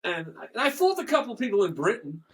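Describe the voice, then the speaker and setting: An older man chatting casually as an interview guest, rambling and halting with restarts, joking around. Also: high voice, wildly swooping pitch, breathy edge. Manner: rambling, halting, jokey, slips into playful accent impressions.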